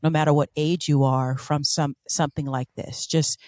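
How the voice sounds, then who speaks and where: A woman with a lowish voice chats on a podcast, gushing with delight and stumbling as she hunts for the right word. Her talk is full of fillers and restarts. The sound is dry and close, with no room around it. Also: fairly even intonation, normal speed, a little mellow, dry recording. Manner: gushing, gropes for words, many fillers. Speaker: podcast co-host. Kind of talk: casual chat.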